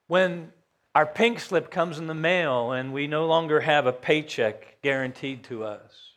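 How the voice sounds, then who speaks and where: A man preaching a sermon as pastor, folksy, questioning his congregation and rising to loud emphasis. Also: medium pitch.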